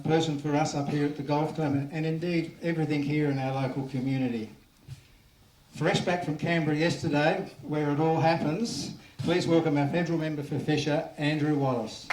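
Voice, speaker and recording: A man's voice: a little high, a little mellow, slight background noise. Man introducing speakers over echoey PA. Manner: formal introductions. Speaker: master of ceremonies.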